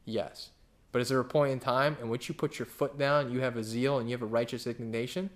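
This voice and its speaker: A man, a pastor, teaching a verse-by-verse Bible study in a lively, animated way, acting out the voices he quotes and repeating phrases for emphasis. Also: medium pitch, brisk.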